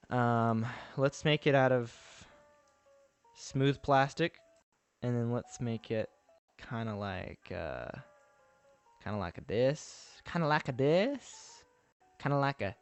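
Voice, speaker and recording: A man with a Texan accent chatting casually on a live stream, rambling and thinking aloud as he builds and answers viewers. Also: medium pitch.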